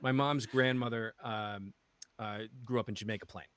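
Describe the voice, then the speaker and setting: A man's voice: on the low side, fairly even intonation, normal speed, no room sound. A man from western Massachusetts, a streamer guest in casual chat, rambling with many restarts and frequent laughter. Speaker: guest, actual play streamer.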